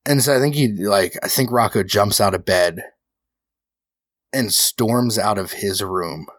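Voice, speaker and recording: A man's voice: fairly low pitch, measured pace, fairly bright tone, no echo. A man playing a tabletop game, describing his character's actions in a casual, filler-heavy way. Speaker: player.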